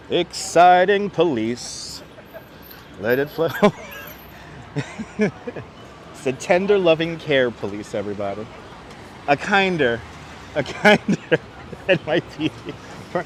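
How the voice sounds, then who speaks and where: A man's voice: a little high, expressive, takes it slowly, pauses often, a bit bright. A man hosting a live stream as he walks through city streets, chatting and greeting viewers by name while reading the chat aloud. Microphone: wireless clip-on mic. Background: faint street and traffic noise.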